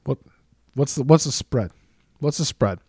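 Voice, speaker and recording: A man's voice: medium pitch, lively intonation, unhurried, a little mellow, husky, no echo, studio quality. A man co-hosting a casual sports chat, blunt and opinionated, often repeating himself as he makes his picks. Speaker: podcast co-host.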